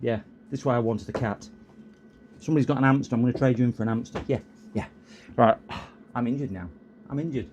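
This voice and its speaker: A man talks casually as he works at his bench, drifting from one tangent to the next. His voice is mellow and relaxed, and a faint hiss sits under it. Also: mid-range voice, fast talker, pauses often, dull audio. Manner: rambling, chatty, easily sidetracked. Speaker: streamer repairing electronics. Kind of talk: casual chat while soldering.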